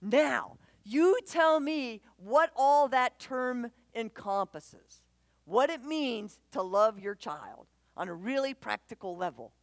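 Animated woman giving a parenting talk. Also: on the high side, no echo. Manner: animated, acts out quick voices of parents and kids, asks the audience. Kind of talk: conversational sermon.

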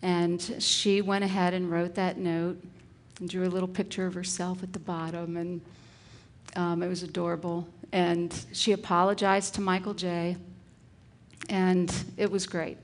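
A woman, a kindergarten teacher, giving a parenting talk full of classroom stories and acting out the dialogue in gentle, earnest tones. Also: lowish voice, flat delivery, a little slow. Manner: acts out dialogue with a shift of voice.

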